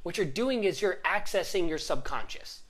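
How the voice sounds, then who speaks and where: Lively-pitched motivational life coach. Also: normal speed. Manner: animated, conversational, often says "right?". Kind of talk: motivational talk.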